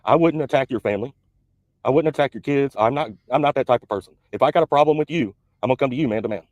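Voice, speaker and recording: A truck-driving man delivers a blunt, confrontational rant at a rapid clip. His voice sits mid-range and sounds close and dry, with no room around it. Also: mid-range voice, darkish tone, no echo, muffled recording. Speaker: truck driver YouTuber. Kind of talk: recorded video rant.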